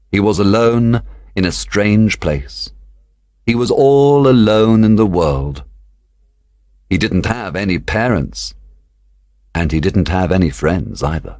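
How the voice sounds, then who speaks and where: A man narrating a children's storybook for young learners, slow, clear and expressive. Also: sits low, no echo, studio quality. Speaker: audiobook reader.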